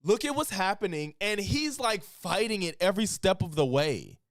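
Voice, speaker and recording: A man's voice: high-pitched, normal speed, dry recording, clean studio sound. A man streaming a reaction to a clip, arguing back at it and questioning what he hears. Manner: animated, argumentative, talks back at the clip. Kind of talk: reaction commentary.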